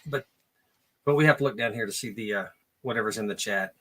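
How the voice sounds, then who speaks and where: A man co-hosting a live stream with his wife, talking casually in a halting way with many fillers. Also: on the low side, a bit bright. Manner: halting, filler-heavy, good-natured. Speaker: co-host, husband.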